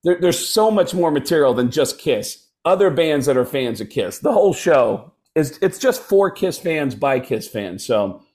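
A man's voice: on the high side, normal speed, few pauses. A middle-aged man, a stand-up comedian, telling stories in casual chat and acting out the voices of the people in them. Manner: animated, acts out voices in stories.

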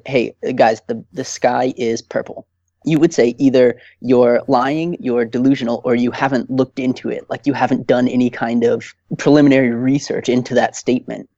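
A man talks in a heated, emphatic way, restarting his sentences as he goes. His voice is mellow and dark. The recording is dry and a little dull. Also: medium pitch, creaky, dry recording. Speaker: podcast guest. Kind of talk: casual chat.

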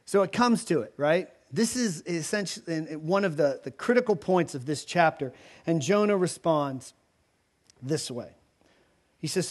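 A man with a fairly high voice delivers a sermon in a loose, conversational way. He tells the story with animated energy and plenty of casual filler words. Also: moderate pace. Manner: animated storytelling, voicing characters in quotes. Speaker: pastor.

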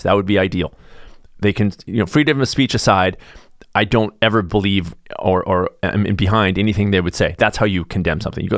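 Middle-aged guy ranting on his podcast, lowish voice, dry close mic, keeps jumping up high to mock people. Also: fast talker, dry recording. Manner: animated, ranting, mocking voices with sudden high jumps. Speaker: podcast host. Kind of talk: casual political monologue.

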